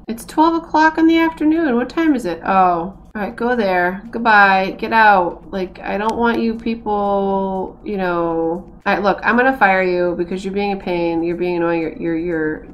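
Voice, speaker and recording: An American woman giving casual, self-mocking commentary as she plays a game, laughing often as she talks. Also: mid-range voice. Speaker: gaming streamer. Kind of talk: casual let's-play commentary.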